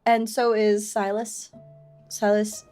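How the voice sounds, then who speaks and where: Animated woman streamer reading and chatting. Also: medium pitch, slow pace, clear, resonant tone, soft background music. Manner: animated, expressive storyteller. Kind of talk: live-streamed game reading and chat.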